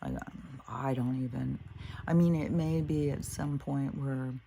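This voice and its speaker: Low gravelly-voiced woman telling a story. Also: steady tone, measured pace, warm tone, slight background noise. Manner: blunt, swears freely, trails off with fillers. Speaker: spiritual podcast host. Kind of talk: casual storytelling monologue.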